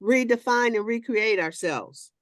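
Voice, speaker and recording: A woman hosting with a voice a little above the middle in pitch. She moves from measured, reflective reading into easy, animated talk. The sound is dry and close-miked. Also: no room sound. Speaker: host. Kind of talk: reading a passage, then casual group chat.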